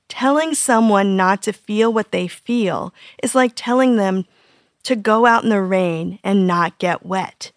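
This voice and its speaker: A woman in her fifties hosting a parenting podcast, reading scripted tips in an earnest, gently humorous way. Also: medium pitch, no echo, studio quality.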